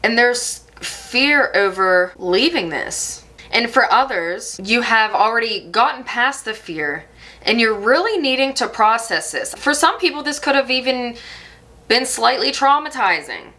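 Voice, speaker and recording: Woman tarot reader, bright tone, gentle reassuring delivery. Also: fairly high pitch, expressive, unhurried. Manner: soft, reassuring, reflective. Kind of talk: channeled tarot reading.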